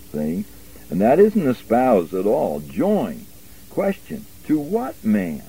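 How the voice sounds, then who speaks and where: A man teaching a verse-by-verse Bible lesson, stressing single words slowly and emphatically. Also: mid-range voice, warm tone, breathy edge, rough recording.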